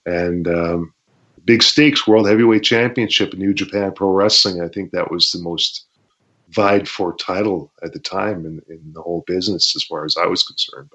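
Brief: Canadian ex-wrestler, guest storyteller, low voice, dull lo-fi audio, acts out the action. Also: male voice, moderate pace. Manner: animated, acts out shouts and sound effects, laughs often. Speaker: interview guest, former pro wrestler. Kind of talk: casual storytelling interview.

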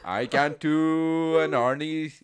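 A man's voice: a little high, steady tone, takes it slowly, clean tone, pitched above the performer's own voice. A man putting on a goofy, over-the-top impression of a bulky action star, with a mangled heavy accent. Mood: hamming.

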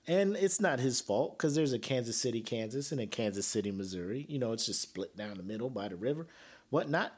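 A man's voice: lowish voice, vocal fry. A man hosting a casual solo podcast, joking and trash-talking with frequent laughs. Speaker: podcast host.

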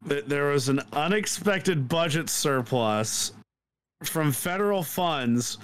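A man's voice: a little high, expressive, slow, clean tone. A young man co-hosting a casual news podcast, talking in an opinionated but hedging way. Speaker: podcast co-host.

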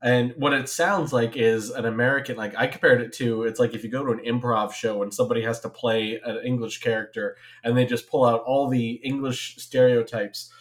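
A man's voice: mid-range voice, steady tone, fairly quick, hardly any pauses. A man in his thirties on a podcast, talking in a rambling, hesitant way with many fillers. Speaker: podcast co-host. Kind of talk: casual podcast chat.

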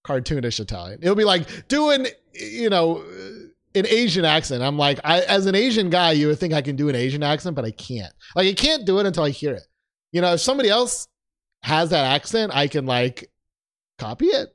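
A man's voice: fairly high pitch, sing-song, fairly quick, a bit bright. A young man co-hosting a podcast in casual chat, self-deprecating and joking, with many fillers. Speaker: podcast co-host.

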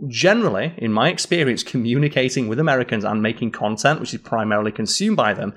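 A man's voice: medium pitch, quick pace, a bit bright. Bantering man. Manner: bantering, explains slang with acted examples. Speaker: podcast co-host. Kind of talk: casual chat.

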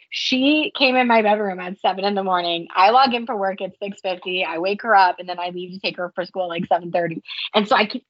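A woman in her thirties hosting a casual chat, telling animated stories with swearing and frequent laughter. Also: mid-range voice, dry recording, muffled recording. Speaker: podcast host.

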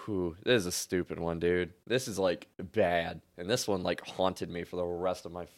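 Laid-back young man with a low voice. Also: normal speed. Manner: laid-back, heavy filler words, swearing, animated when retelling. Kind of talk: casual storytelling chat.

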